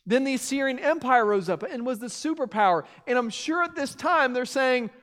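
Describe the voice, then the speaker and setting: A man's voice: very high voice, animated, normal speed. Man preaching in a reverberant hall. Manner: earnest preaching with shifting loudness. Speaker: pastor. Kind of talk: sermon with scripture reading.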